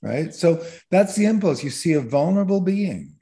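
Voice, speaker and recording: A man's voice: on the high side, sing-song, moderate pace, mellow. A man teaching as a podcast guest, explaining in a chatty way and tagging his points with "right?". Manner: explanatory, peppers talk with "right?". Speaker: guest therapist trainer.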